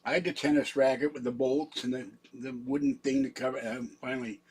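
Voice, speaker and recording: A man's voice: mid-range voice, fairly even intonation, quick pace, a little mellow, a little hiss or hum. An older man rambling in a casual livestream from his home computer, wandering between stories with a self-mocking manner. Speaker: livestream host.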